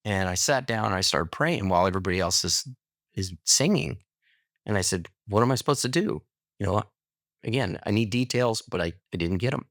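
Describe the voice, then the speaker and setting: Low-voiced man telling a story. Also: a little fast, dry recording, studio quality. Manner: animated storyteller, acts out quoted dialogue. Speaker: podcast guest. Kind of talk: casual storytelling.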